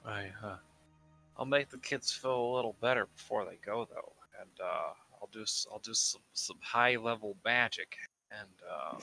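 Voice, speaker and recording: Playful male player, gravelly and bright. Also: lowish voice, moderate pace, soft background music, low-quality recording. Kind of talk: tabletop game play.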